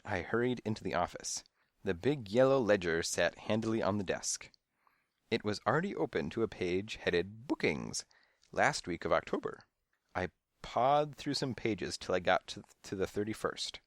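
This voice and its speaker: A man narrating a children's mystery audiobook in first person, with expressive, playful storytelling. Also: fairly low pitch, moderate pace, no echo, studio quality.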